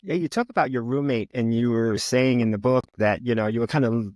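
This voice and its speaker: Relaxed male interview host. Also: medium pitch, fairly quick, no room sound, studio quality. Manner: relaxed, warm questioning with Spanish asides. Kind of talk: casual interview questions.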